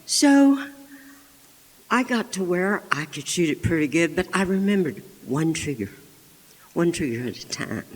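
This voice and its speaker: A woman storyteller performing a childhood tale live, animated, with sound effects and hushed whispered asides. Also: on the low side, a little slow, pauses often, a little hiss or hum. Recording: echoey hall with long reverb.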